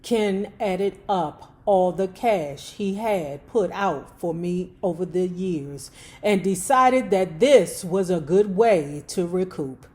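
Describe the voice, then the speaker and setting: A woman's voice: fairly low pitch, animated, slow pace, a little mellow. A woman reading a memoir aloud at her own pace, breaking off for blunt, profane asides. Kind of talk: book reading with casual commentary.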